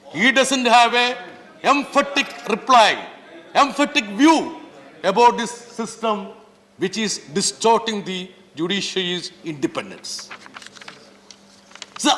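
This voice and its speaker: A man's voice: sits high, pushed and bright. A man with an Indian English accent, a member of parliament making an emphatic speech and repeatedly addressing the chair. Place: parliament chamber. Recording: long reverb of a large hall.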